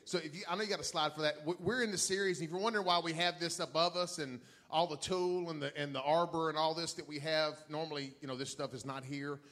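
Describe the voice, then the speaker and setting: A middle-aged man, a pastor telling a story to his church in an excitable way, laughing and swinging from quiet asides to loud shouts. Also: on the high side, fast talker, hardly any pauses.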